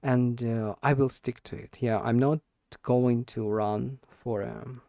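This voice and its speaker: A man practicing spoken English in an unscripted monologue, talking slowly and hesitantly, repeating and restarting words as he searches for them. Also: mid-range voice, steady tone, gravelly, mellow, no room sound, clean studio sound. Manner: deliberately slow with stressed words. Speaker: English learner recording speaking practice.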